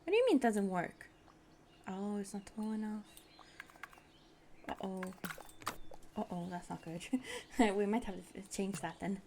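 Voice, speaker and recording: A woman's voice: mid-range voice, lively intonation, unhurried, pauses often, warm tone, a little hiss or hum. A young woman streaming a building game, chatting casually and narrating what she does with bubbly giggles. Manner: bubbly, giggly, narrates her own actions aloud. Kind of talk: casual gameplay chat. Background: background music.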